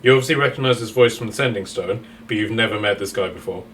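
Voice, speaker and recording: A man's voice: lowish voice, fast talker, a bit bright, far from the mic, a little hiss or hum. A man narrating a tabletop game as game master, rambling with many fillers and restarts.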